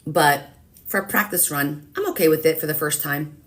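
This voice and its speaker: A woman's voice: deep voice, moderate pace, a bit bright. A woman hosting a live watercolor stream, chatting casually and teasing herself as she thinks aloud while painting. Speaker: live-stream craft host.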